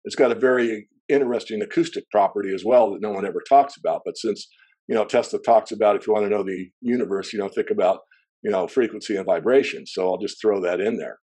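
A fast-talking man with a low, mellow voice appears as an interview guest, a precious metals analyst discussing markets. His explanations run long and wander into asides, and he clears his throat occasionally.

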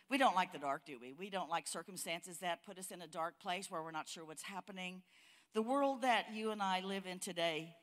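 Older lady preacher, bright voice, chatty stories then gets fired up. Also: mid-range voice. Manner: folksy storytelling, rising to fiery emphasis. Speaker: conference speaker. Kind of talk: sermon. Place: church.

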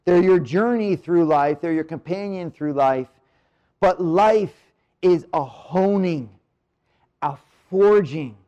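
A man with a high voice preaches at a marriage retreat in a church room. He speaks casually and with energy, then drops into slow, quiet stretches to stress a point. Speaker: priest giving a marriage retreat talk. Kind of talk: live retreat talk. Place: church room near the Blessed Sacrament.

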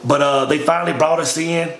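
Brisk and gravelly, with a slightly high voice, this man tells a long, slangy story about his army training. He keeps it relaxed and says "man" again and again, while the room echoes and faint noise sits underneath.

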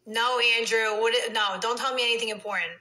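A reality TV personality with a slightly high, steady, sharp-toned voice talks a little fast on a late-night phone livestream, chatting casually with viewers. She's brash, swears freely and talks back to trolls, and the recording is rough.

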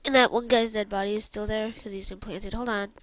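A woman's voice: medium pitch, steady tone, a little fast, no echo. A woman casually narrating an improvised story, rambling and mixing in her own sound effects.

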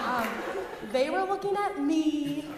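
A young woman performing a rambling, self-aware stand-up comedy set on a live stage. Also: high-pitched. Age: young adult. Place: live stage before a laughing audience. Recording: echoey hall, far mic, crowd laughter, noise.

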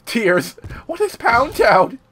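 A man hosting co-op gameplay commentary, goofy and joking, yelling during fights. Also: very high-pitched, big pitch swings, slow pace, slightly rough. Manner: yells during combat. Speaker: gaming channel host. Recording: game sounds loud behind voice.

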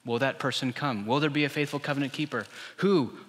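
A male pastor delivers a lively, storytelling sermon, slipping into the voices of the people he quotes. His tone is bright and forceful. The long reverb of a church hall trails after every phrase. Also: mid-range voice, fairly quick.

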